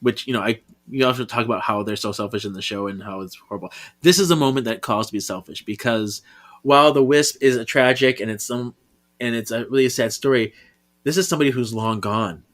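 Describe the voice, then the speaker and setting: A man co-hosting a podcast in casual chat, earnest and emotive, his sentences often trailing off softly. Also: mid-range voice, brisk. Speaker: podcast co-host. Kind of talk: casual chat, reading a comic aloud.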